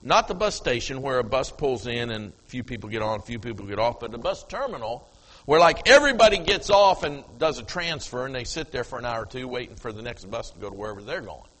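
A man's voice: medium pitch, very animated, fast, a bit bright, big-room sound, low-quality recording. An older man preaching a sermon, telling a story from the platform and acting out the dialogue. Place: church platform before congregation.

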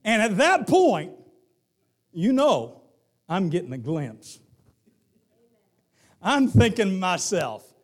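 A middle-aged man with a Southern accent preaching a sermon, moving from hushed lines to shouted ones. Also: sits high, big pitch swings, slow pace, pauses often. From Southern United States. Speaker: pastor.

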